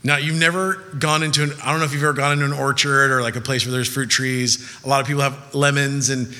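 Young male pastor from Southern California, bright voice, long hall reverb. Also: medium pitch, quick pace. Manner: conversational, animated storytelling with laughs. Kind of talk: sermon.

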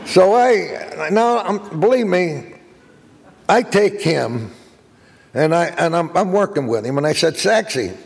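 An older man giving a guest speech, telling jokey anecdotes as an animated raconteur. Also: on the high side, slow pace, vocal fry, in a large hall, a little hiss or hum. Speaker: guest speaker.

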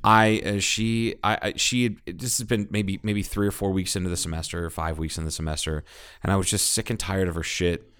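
A man's voice: sits low, fairly even intonation, fairly quick, fairly bright tone, clean tone. A man from Ohio, co-hosting a podcast, tells a rambling, profanity-filled story with lots of restarts. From Ohio, United States. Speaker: podcast co-host. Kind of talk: casual storytelling chat.

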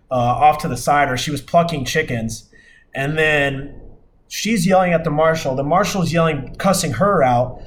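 A young man hosts his podcast alone, telling a story in a loose, rambling way full of fillers and false starts. His voice sits a little high for a man. A faint hiss of background noise runs under the recording. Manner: rambling, many fillers and restarts, exasperated retelling. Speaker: podcast host. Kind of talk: casual storytelling.

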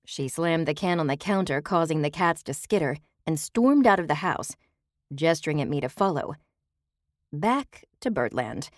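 A woman narrating an audiobook in the first person, wry and expressive, on a close studio mic. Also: deep voice, normal speed, no room sound.

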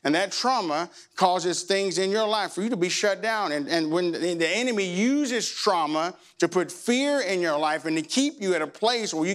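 Middle-aged male pastor, smooth, resonant voice pitched a little high, emotional storyteller turned fervent preacher. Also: normal speed, hardly any pauses, fairly bright tone. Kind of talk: sermon. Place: church.

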